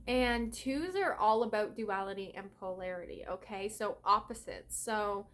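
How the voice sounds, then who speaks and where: A woman talks through a casual spiritual update in an earnest, conversational way. She keeps tossing in "right?" and "okay?" and lets the odd curse slip. Her voice sits at an ordinary middle pitch for a woman. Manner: chatty, peppers speech with "right?" and "okay?"; earnest, mildly profane. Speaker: spiritual reader and yoga teacher.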